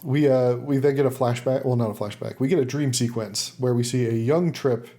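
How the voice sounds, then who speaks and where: A man co-hosts a podcast and casually recaps an episode, full of fillers and laughs. His mid-range voice is mellow and moves a little fast, in the manner of easy chat.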